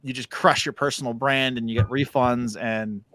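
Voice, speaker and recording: A man co-hosting a podcast in casual chat, agreeable and quick to laugh. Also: medium pitch, fairly even intonation, pushed and bright. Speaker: podcast co-host.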